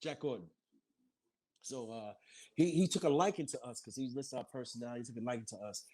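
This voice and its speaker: A man casually telling stories, acting out quoted lines in a higher voice. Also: fast talker, dark tone. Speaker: group member reminiscing. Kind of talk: casual storytelling.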